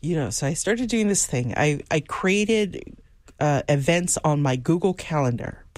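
A woman co-hosting a radio talk show, telling everyday stories with easy laughter. Her pitch swings widely and lively, and the studio sound is close and dry. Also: unhurried, no room sound. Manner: laughs often, animated storytelling. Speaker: radio co-host. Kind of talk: casual on-air chat.

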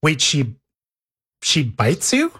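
A man's voice: a little high, wildly swooping pitch, slow pace, bright, forceful tone, slightly rough. A man interviewing a guest, asking short, curious follow-up questions. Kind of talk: casual interview.

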